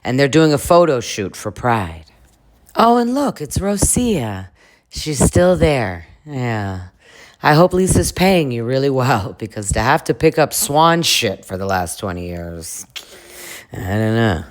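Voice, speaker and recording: A woman's voice: a bass voice, sing-song, unhurried. A woman in her forties giving campy, sarcastic commentary on a reality show. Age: 40s. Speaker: reaction channel host.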